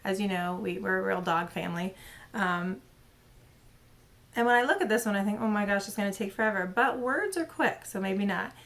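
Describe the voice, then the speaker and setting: A woman's voice: medium pitch, normal speed, a bit bright. A woman hosting her own crafting channel, showing her latest patterns in casual, rambling chat full of fillers and self-corrections. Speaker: cross-stitch channel host. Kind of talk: casual show-and-tell chat.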